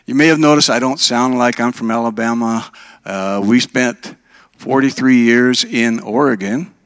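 A man's voice: mid-range voice, steady tone, moderate pace, dry recording. A man in his sixties from Minnesota, preaching a sermon in a conversational way and asking his congregation questions. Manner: conversational, asks the audience questions. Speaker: pastor.

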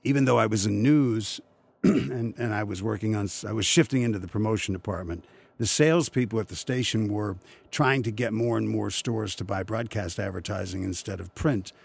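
Older man, gravelly, husky, lowish voice, rambling interview anecdotes. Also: moderate pace. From Western Pennsylvania, USA. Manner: rambling storyteller, chuckling, many restarts. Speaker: voice actor guest.

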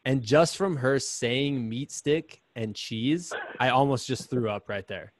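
A man's voice: mid-range voice, measured pace. Chatty man telling a running story. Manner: chatty, animated, lots of "like". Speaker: podcast guest, runner. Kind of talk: casual storytelling.

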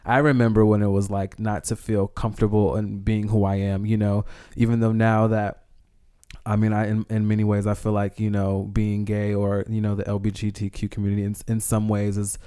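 A man's voice: fairly low pitch, monotone, fairly quick, warm tone, clean tone. A man in a casual podcast discussion, speaking thoughtfully and hesitantly, often restarting his sentences. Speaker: guest.

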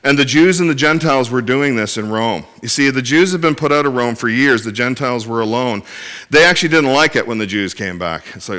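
A male pastor delivers a sermon with an earnest, direct manner, often stumbling and restarting as he goes. His voice sounds bright and forceful, and his pitch sits in an ordinary middle register. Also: expressive, a little fast. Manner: earnest preaching with frequent restarts and direct address to the congregation. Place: church in Inverness.

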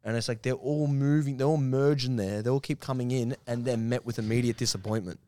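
A man's voice: mid-range voice, fairly even intonation, a little fast, dark tone, no echo. A young man rambling through a profane story in casual chat, trailing off and searching for words. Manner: profane, rambling storyteller who slips into mocking impressions.

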